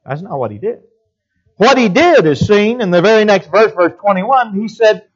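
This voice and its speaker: A man's voice: high-pitched, big pitch swings, moderate pace, lo-fi sound. A man preaching a sermon and reading scripture aloud in an old-fashioned cadence.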